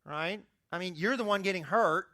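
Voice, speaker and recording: Bright animated young male preacher. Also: moderate pace, no echo, clean studio sound. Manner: conversational preaching, voice climbing high for emphasis. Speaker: youth pastor. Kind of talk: sermon.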